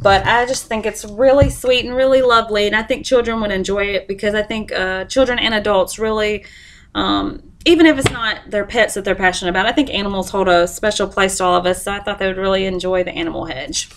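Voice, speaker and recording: A woman's voice: medium pitch, a little fast, fairly bright tone, slight background noise. A young woman demonstrates a lesson plan step by step, often apologizing as she goes. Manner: apologetic, chatty, explains step by step. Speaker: student teacher presenting a lesson plan.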